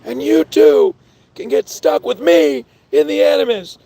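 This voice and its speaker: A man putting on the voice of a pushy male TV pitchman, selling in a shouted pitch. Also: big pitch swings, measured pace, creaky, no room sound, full character voice.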